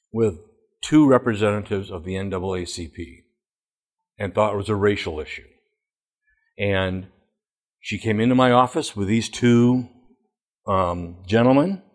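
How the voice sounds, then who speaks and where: Low-voiced man telling school stories. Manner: storytelling, emphatic, plain-spoken. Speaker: education speaker, former school principal. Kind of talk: presentation with anecdotes.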